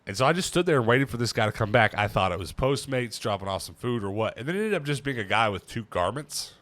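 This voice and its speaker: A man's voice: mid-range voice, lively intonation, fast, fairly bright tone. A man in his thirties hosting a casual chat, rambling and self-mocking as he tells stories. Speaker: channel host.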